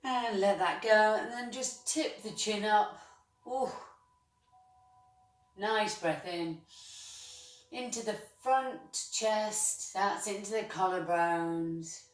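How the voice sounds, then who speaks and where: A woman leading a chair yoga class, guiding breaths and movements with gentle, encouraging praise. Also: medium pitch, slow, long pauses. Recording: roomy sound from a distance.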